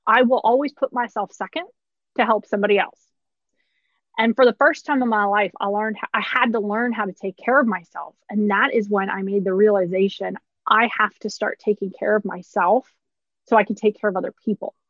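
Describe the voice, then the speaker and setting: A woman's voice: medium pitch, fairly even intonation, fairly quick, fairly bright tone, no room sound, highs cut off. A woman in her thirties, a pharmacist, candidly telling a personal story with short laughs through hard moments.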